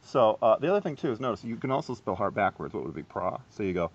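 A man giving a casual, self-deprecating harp lesson, chatty and quick to laugh at himself. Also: lowish voice, very animated, lo-fi sound. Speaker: harp teacher.

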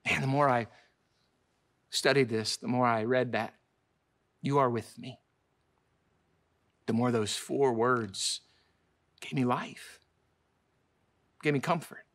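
At a slow pace with long pauses, a man preaches as pastor, emphatic and repetitive for emphasis, his sermon punctuated by sudden loud, high peaks and soft, low asides.

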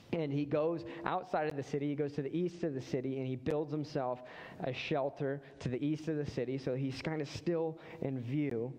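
Animated pastor in a reverberant hall. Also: male voice, on the high side. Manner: animated, acts out the voices of people in the story. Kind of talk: sermon. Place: church hall.

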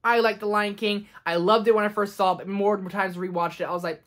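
A man's voice: sits high, lively intonation, normal speed, bright, forceful tone. A young man in his twenties casually ranking movies for his vlog, enthusiastic and ranty, sometimes acting out quoted lines. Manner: enthusiastic and ranting, slips into quoted voices. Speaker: movie review vlogger.

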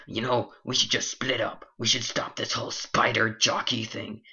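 A man's voice: mid-range voice, little pitch movement, moderate pace, hardly any pauses, sharp tone. A man voicing a fed-up skeleton who bickers snippily with his spider mount, in a comic skit. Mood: annoyed. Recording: lo-fi dull recording.

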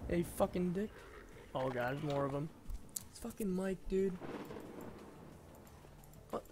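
Young man, gaming let's-play commentary, constant swearing, gasps and yelps, lively swooping pitch, slow drawl. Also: noisy background. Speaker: gaming channel host. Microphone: home desk mic that glitches.

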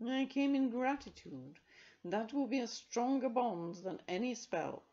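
A woman voicing a dignified male magic cat who speaks slowly, solemnly and formally. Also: on the high side, expressive, mellow, lo-fi sound, pitched above the performer's own voice. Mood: grave. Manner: slow, solemn, formal speech.

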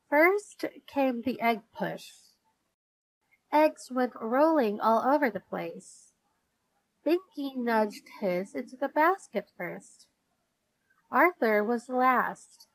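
A woman reading a children's storybook aloud in a gentle, unhurried way. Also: mid-range voice, lively intonation, no room sound, poor audio. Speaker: storybook reader.

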